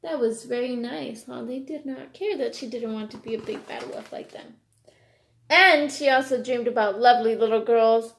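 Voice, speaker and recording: High-voiced woman reading a picture book aloud. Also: moderate pace, gravelly, echoey room. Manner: expressive, asks listeners questions. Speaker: reader to children.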